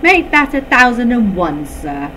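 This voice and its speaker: A woman voicing a naughty schoolboy who speaks brightly and cheekily. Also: on the high side, big pitch swings, unhurried, a little hiss or hum, voice pushed up, exaggerated voice, poor audio. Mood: cheeky.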